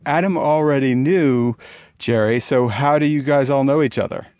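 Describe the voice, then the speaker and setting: A man co-hosting a podcast about online crime, telling stories in a chatty, animated way. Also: medium pitch, normal speed, clean tone, no echo, clean studio sound. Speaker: podcast co-host. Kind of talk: casual podcast chat.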